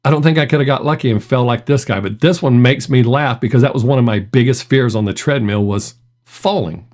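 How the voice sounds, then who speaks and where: A man's voice: mid-range voice, fairly quick, a little mellow. A middle-aged man hosting a reaction video, telling stories in a chatty way and laughing often. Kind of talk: casual reaction commentary.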